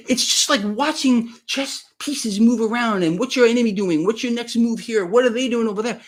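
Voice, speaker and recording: Emphatic high-pitched man ranting on a livestream. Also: animated, normal speed. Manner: emphatic, repetitive, stammering restarts. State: sweating. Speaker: livestream host. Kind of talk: casual livestream chat. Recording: speaking to a live stream.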